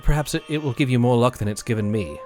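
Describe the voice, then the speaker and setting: A man voicing Jennifer, a weary, gentle woman who speaks softly and hesitantly in a tabletop game. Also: mid-range voice, over music, lightly acted. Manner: soft, halting, hesitant. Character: weary noblewoman Jennifer, gentle and soft-spoken.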